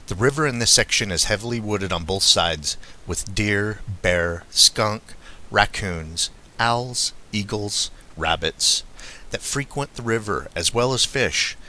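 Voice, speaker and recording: A man reading a first-person witness account aloud in a steady, measured way. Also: on the low side. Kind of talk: scripted first-person narration.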